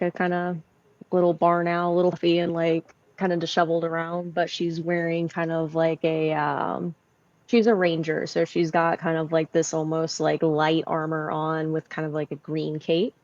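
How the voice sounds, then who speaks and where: A woman playing a tabletop role-playing game, describing her character gently and hesitantly. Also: on the low side, level tone, normal speed, dry recording, lo-fi sound. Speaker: player.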